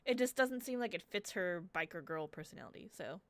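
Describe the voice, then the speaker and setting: A woman's voice: fairly low pitch, expressive, brisk, dry recording. A woman streamer casually commenting on a game, chatty and joking, swearing now and then. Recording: game music underneath.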